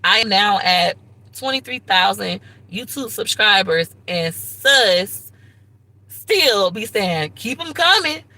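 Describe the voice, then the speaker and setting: A woman hosting a casual live stream, chatting to her viewers in a slangy, effusive way and now and then shrieking with excitement. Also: medium pitch, takes it slowly, rough recording. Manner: slangy, chatty, talks straight to viewers as "y'all".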